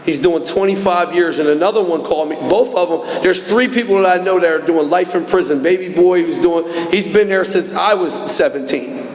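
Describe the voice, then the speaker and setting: Man in his 40s, high-ish voice, emotional testimony, long reverb hall sound, a bit of faint hiss. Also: brisk. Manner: earnest, emotional, rising to fervent. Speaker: recovery meeting speaker. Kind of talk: personal testimony talk. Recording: echoey hall recording from a distance.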